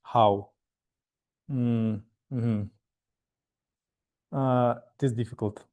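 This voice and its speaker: A man giving an impromptu speech, hesitant and full of pauses and fillers. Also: mid-range voice, fairly even intonation, a little mellow. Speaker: club newcomer giving an impromptu answer.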